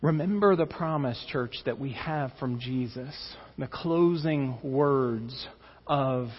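Husky-voiced man preaching a sermon. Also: mid-range voice, slow. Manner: earnest preaching, rising with emphasis and dropping to soft intensity. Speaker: pastor. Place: church sanctuary. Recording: dull reverberant church recording.

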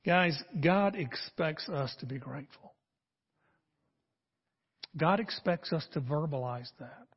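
An older man preaching a sermon as a pastor, telling the story in an animated way and acting out the voices in it. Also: on the high side, slow pace, pauses often, slightly rough, long reverb tail, dull audio.

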